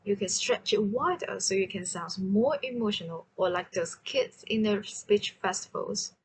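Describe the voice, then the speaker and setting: A woman teaching a language lesson, slowly and carefully demonstrating sounds and tones. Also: medium pitch, lively intonation, a little hiss or hum, rough recording.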